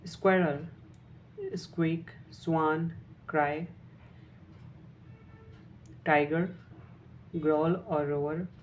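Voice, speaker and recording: A man with an Indian English accent, teaching vocabulary in a casual video lesson and reading word lists quickly. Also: a little high, steady tone, slight background noise, rough recording. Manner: reads word lists rapidly, English word then Hindi meaning.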